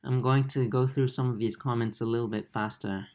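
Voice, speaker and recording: A young man with an Australian-tinged accent, hosting a casual livestream and answering viewer comments in a relaxed way, with lots of fillers and restarts, recorded on a laptop mic. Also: medium pitch, a little fast. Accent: Australian-tinged English. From Japan and Singapore. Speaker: aquarium channel host.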